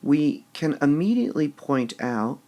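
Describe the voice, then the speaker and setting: A man teaching poetic meter in a recorded lesson, slowly sounding out syllables and muttering to himself as he marks the stresses. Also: on the high side, big pitch swings, warm tone. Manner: slow and deliberate, sounding out stressed syllables, drops to a mutter when writing.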